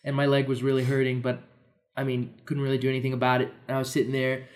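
A man's voice: mid-range voice, completely flat delivery, fast talker. A young man casually telling a funny story on a podcast, laughing often and acting out voices. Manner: laughs often, acts out voices in his stories. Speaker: podcast co-host.

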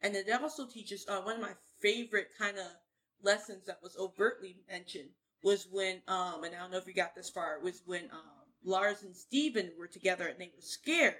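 A woman's voice: medium pitch, normal speed, pushed and bright, low-quality recording. A woman in casual podcast chat, talking earnestly and with emphasis about a show she loves.

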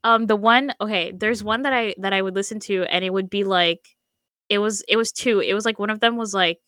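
A woman's voice: medium pitch, a little fast, fairly bright tone, dry recording, studio quality. A young woman chatting casually on a podcast, laughing often and filling her talk with "like" and restarts. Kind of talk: casual chat.

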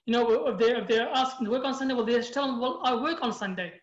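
A man born in Iraq who leads a youth group speaks as a guest in a casual interview, telling stories emphatically and passionately and often quoting himself. His voice is very high-pitched and fast, and the recording is reverberant with the highs cut off.

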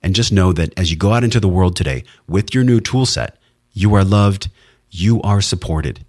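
A man with a very low voice speaks straight to the listener in an earnest, emphatic monologue. The sound is dry and close, with no room around it. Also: moderate pace, darkish tone, no room sound. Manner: earnest, heartfelt, emphatic with occasional swearing. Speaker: podcast host. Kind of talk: solo wellness podcast monologue.

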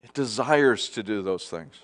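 A middle-aged man preaching a sermon as a pastor. He moves between soft, low passages and loud, emphatic declarations, and puts repeated questions to the congregation. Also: lively intonation, a little slow.

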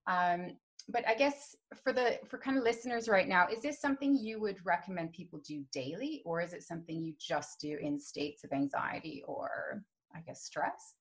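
Woman host, lowish voice, chatty, lots of fillers, casual interview. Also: normal speed. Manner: chatty, many ums and you-knows. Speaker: podcast host interviewing a chiropractor.

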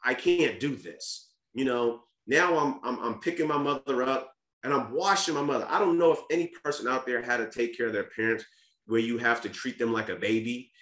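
A podcast guest with a mid-range, fairly bright voice speaks a little fast as he candidly tells a personal family story. He's sincere and laid-back, often restarting and repeating words, and there's a roomy echo.

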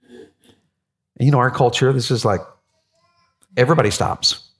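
A man preaching a sermon as pastor, animated and jokey, with many restarts. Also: fairly low pitch, slightly rough.

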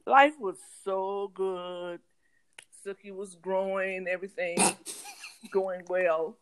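A woman with a Southern US country accent, co-hosting a podcast and telling a story in lively, casual chat. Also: mid-range voice, takes it slowly. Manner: animated, acts out voices in her stories. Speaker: podcast co-host.

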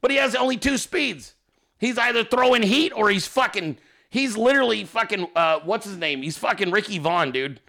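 A man hosting a podcast in casual, profane, joking chat, quick to laugh. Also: high-pitched, expressive, gravelly, sharp tone. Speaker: podcast host.

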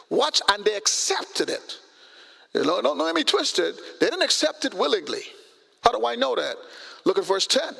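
A male pastor delivers a sermon with vivid, down-to-earth scenarios. His voice sits very high for a man, bright and gravelly. The sound rings out with long church-hall reverb. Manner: animated, conversational preaching with vivid everyday scenarios.

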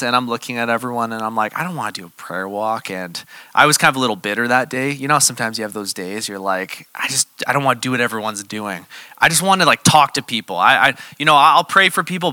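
A male preacher with a very bright, sharp, forceful voice tells his story in a casual, chatty way, full of "like" and "you know," and acts out each quoted line with energy. The sound is dry and close, with almost no room echo. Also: mid-range voice. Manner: animated, acts out quoted dialogue; casual, conversational, uses fillers like "like" and "you know". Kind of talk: sermon storytelling.

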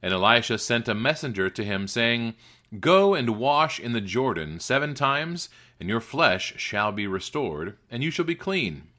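Bright, lively male scripture reader. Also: mid-range voice, measured pace. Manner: expressive reading, raises voice for quoted speech. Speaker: Bible reader.

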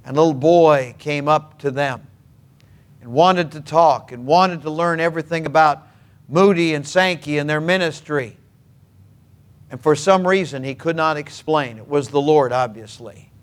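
A man from Minnesota preaching a sermon, telling stories earnestly and emphatically with dramatic pauses. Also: on the high side. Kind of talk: sermon storytelling.

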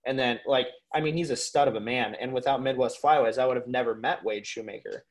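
A young man from Minnesota, a guest on a podcast, telling stories in an animated, casual way, full of "like" and "dude" and the odd swear word. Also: medium pitch, quick pace. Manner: animated storyteller, swears freely, lots of "like" and "dude". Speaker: podcast guest, waterfowl hunter.

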